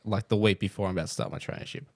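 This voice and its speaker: A man's voice: lowish voice, racing, creaky, a little mellow, no room sound, clean studio sound. An Australian man, a podcast guest and golf coach, in casual chat. He teases and laughs at his own pranks.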